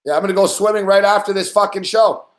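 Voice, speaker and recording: A man with a slightly high voice hosts a late-night sports betting show. He rambles through stories in a casual, swearing rant. The sound bounces around an echoey room. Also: quick pace. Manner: profane, rambling storytelling.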